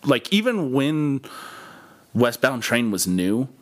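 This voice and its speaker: A man co-hosting a casual music podcast, talking in an animated way and swearing freely. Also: medium pitch, slow. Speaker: podcast co-host.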